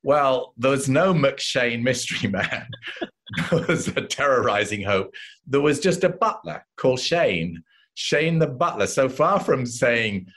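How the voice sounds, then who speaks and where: An older English man, an actor guest, telling animated stories in an interview and acting out the voices of the people in them. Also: medium pitch, moderate pace. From England. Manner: animated anecdotes, acts out voices of others. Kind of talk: casual interview storytelling.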